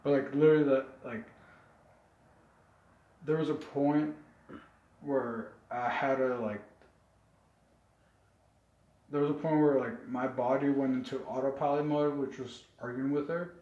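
A man's voice: medium pitch, fairly even intonation, a little slow, long pauses, mellow. A young man telling a personal story in casual chat, earnest and rambling with many fillers. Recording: echoey room, dull lo-fi sound.

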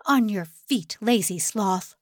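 Woman voicing Soon, a gruff North Korean man. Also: mid-range voice, slow pace, no room sound, clean studio sound. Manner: gruff barked orders.

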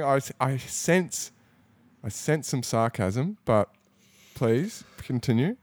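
A man's voice: medium pitch, lively intonation, takes it slowly. A man hosting a casual podcast chat, laid-back and rambling with fillers. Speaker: podcast host.

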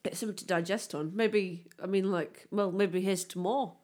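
Brief: female podcast co-host, playful giggly banter, mid pitch. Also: fairly even intonation, normal speed, darkish tone. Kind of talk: casual chat.

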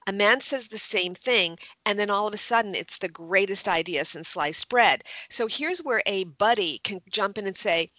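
A woman with a bright, forceful voice explains workplace tactics with emphatic confidence. The recording is close and dry, with no room sound around her. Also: mid-range voice, moderate pace, hardly any pauses, dry recording. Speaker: communication coach. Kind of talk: advice in a radio-style interview.

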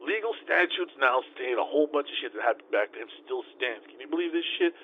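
Man, gruff, profane, argumentative, animated pitch, lo-fi phone-like audio, faint hiss. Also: fast. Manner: gruff, profane, argumentative, swings from yelling to muttering. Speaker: comedy character monologue, a self-styled lawyer driving. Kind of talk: improvised comic monologue. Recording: tinny phone-like sound with light noise.

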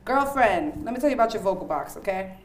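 Lively, playful woman hosting, echoey room. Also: mid-range voice, fast talker, a little hiss or hum. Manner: lively, playful, laughs often. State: married. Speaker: host. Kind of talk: casual interview chat.

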